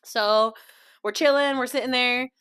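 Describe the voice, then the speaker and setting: A young woman hosts her own podcast and tells funny trip stories in a loose, chatty way. Her voice sits a little high and sounds bright and forward, and she laughs easily while acting out what other people said. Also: steady tone, measured pace, clean tone. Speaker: podcast host. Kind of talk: casual storytelling chat.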